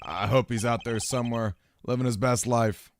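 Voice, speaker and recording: A man's voice: medium pitch, fairly even intonation, moderate pace, slight background noise, pitched below the performer's own voice, close to an everyday voice. A man voicing a sentimental old former chief prosecutor who talks in a tearful, fatherly, theatrical way, reading game dialogue aloud. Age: older.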